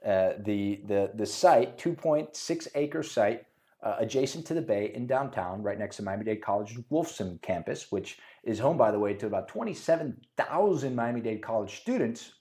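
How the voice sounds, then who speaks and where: A man moderating a podcast, jokey and relaxed as he explains things. His pitch moves a lot, rising and falling as he talks. He chats casually with his co-host. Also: moderate pace. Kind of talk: casual chat. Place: studio.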